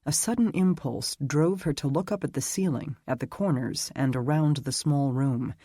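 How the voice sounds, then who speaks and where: A man narrating a dark fantasy audiobook in a measured, slow dramatic reading. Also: a little high, slightly rough, no room sound, studio quality. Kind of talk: scripted narration.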